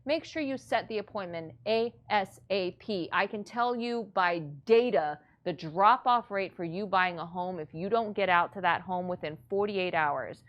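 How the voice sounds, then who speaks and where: A woman's voice: mid-range voice, moderate pace, few pauses, muffled recording. A woman teaching real estate investors in a blunt, matter-of-fact, motivational way. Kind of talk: coaching lesson.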